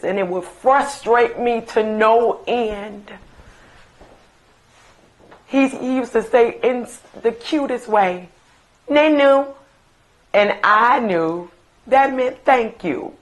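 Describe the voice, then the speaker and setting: This is a middle-aged woman sharing memories of her late son in a recorded interview. She talks very slowly and deliberately, stressing the words that matter to her. Her voice sits at an ordinary mid pitch, and her storytelling is fond and personal. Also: low-quality recording. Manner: slow, emphatic reminiscing with fond asides.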